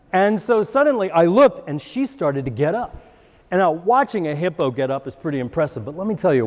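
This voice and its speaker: A man with a New York accent, a priest teaching a class, telling a story with lively, acted-out bursts before turning to his lesson. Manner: animated storyteller, acts out scenes with sudden high-pitched bursts. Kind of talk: storytelling lecture. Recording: hall reverb.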